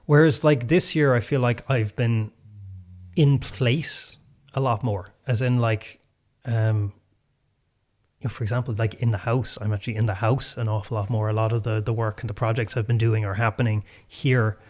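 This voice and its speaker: A man with a mid-pitched voice talks things through as a podcast co-host. He hedges and circles his points with fillers, reflective rather than punchy. The tone is relaxed conversation. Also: normal speed. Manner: thoughtful, hedging, lots of fillers. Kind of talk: casual chat. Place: North Clare, Ireland.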